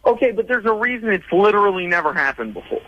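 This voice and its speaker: A man's voice: high-pitched, expressive, fast, dull audio. A man hosting a casual sports radio talk show, arguing and telling stories. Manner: argumentative, storytelling. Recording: radio studio mic.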